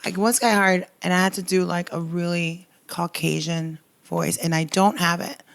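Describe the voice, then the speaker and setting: Fast-talking South Florida woman comedian. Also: lowish voice, vocal fry. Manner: fast, animated storytelling, mixing in Spanish. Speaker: comedian guest. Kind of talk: casual podcast chat.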